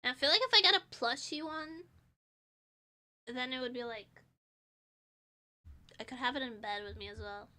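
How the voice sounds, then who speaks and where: A young woman streaming with a high voice and a nasal, sniffly sound from a stuffy nose. She talks in a loose, rambling way and pokes fun at herself. Her tone is bright and clear. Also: moderate pace, long pauses. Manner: rambling, self-deprecating, laughs often. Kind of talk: casual chat.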